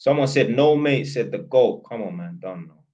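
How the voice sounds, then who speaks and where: A man's voice: on the low side, lively intonation, normal speed, mellow, highs cut off. A young man with a London accent telling a story and ranting in blunt, slangy, opinionated talk to his viewers. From North London. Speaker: channel host. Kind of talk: casual storytelling to camera.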